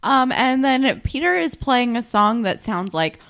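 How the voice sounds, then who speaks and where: A young woman chatting on a podcast, giving eager, opinionated takes on a show. Her pitch swoops up and down expressively and sits a bit high. She sounds relaxed and conversational. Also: measured pace. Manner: enthusiastic, opinionated reactions. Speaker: podcast co-host. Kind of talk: casual recap chat.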